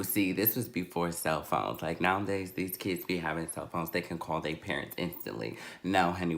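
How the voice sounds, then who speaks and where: A man in his twenties telling a story-time vlog with sassy, animated delivery. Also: lowish voice. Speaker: vlogger.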